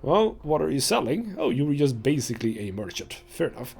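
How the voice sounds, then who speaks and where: Male let's play host, husky and animated, casual rambling commentary. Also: medium pitch, fast. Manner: chatty, rambling with fillers. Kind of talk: casual game commentary, reading dialogue aloud.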